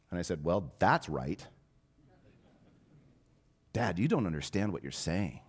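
Deep-voiced guy preaching a sermon, goes from soft and hushed to loud and fired up. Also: animated, unhurried, pauses often, breathy edge. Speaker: pastor.

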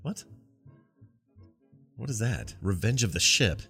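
A man's voice: on the low side, big pitch swings, slow pace, vocal fry, pushed and bright, breathy edge, faint music behind. A man hosting a podcast in casual chat, wry and joking as he reads out news stories. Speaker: podcast host.

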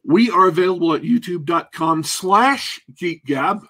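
A man's voice: high-pitched, expressive, a little slow, bright, forceful tone. A man co-hosting a podcast, rambling and joking at his own expense as he signs off the show. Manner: rambling, self-mocking, jokey. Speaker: podcast co-host. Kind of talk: casual podcast sign-off chat.

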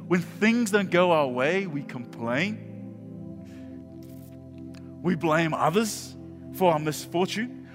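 A high-pitched man preaches to his church, animated and jokey, and swings between loud bursts and hushed asides. His voice carries a long hall reverb, with faint music underneath. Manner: animated, jokey preaching with sudden shouts and quiet drops. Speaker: pastor. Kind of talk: sermon.

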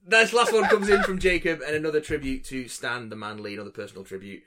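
A man's voice: a little high, fast talker, pushed and bright. A man co-hosting a casual podcast, reading listener emails aloud with joking asides. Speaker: podcast co-host.

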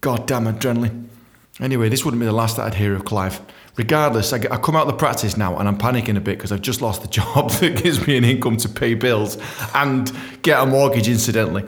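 A man telling a comic story about his own life, animated and swearing, voicing the other people in it with high squeaky tones. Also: fast talker.

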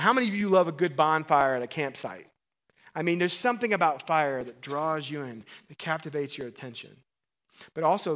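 Man, pastor, sermon, slightly high voice, conversational, emphatic swells and quiet asides. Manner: earnest preaching, rising to emphatic bursts and dropping to quiet asides; restarts and fillers, conversational.

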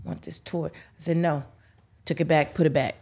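Brief: middle-aged woman, lowish husky voice, lively family storyteller. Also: moderate pace. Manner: animated, acts out voices in her stories. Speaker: guest, host's mother. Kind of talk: casual storytelling.

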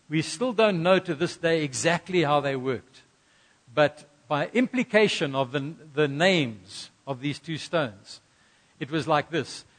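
A middle-aged male pastor preaching a sermon, telling a personal story earnestly with emphatic bursts. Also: on the high side.

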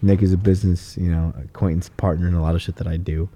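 Swearing constantly, this shop owner who builds cars spins lively stories in a casual podcast conversation. His voice sits low and his pace is quick.

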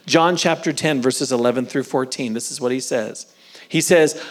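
A man preaching a sermon, moving between loud emphatic lines and soft whispered phrases, and drawing out key words slowly. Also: mid-range voice. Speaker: pastor.

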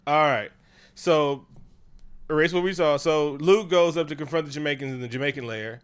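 A man co-hosting a casual chat, talking in an animated, profane way and breaking into funny voices. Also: a little high, normal speed, clear, resonant tone. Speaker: podcast co-host.

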